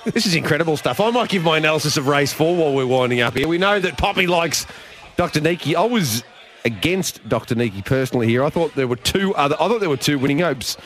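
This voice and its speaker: A man's voice: a little high, expressive, quick pace, fairly bright tone. A young man co-hosting a radio show, joking and teasing in casual banter. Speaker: radio co-host.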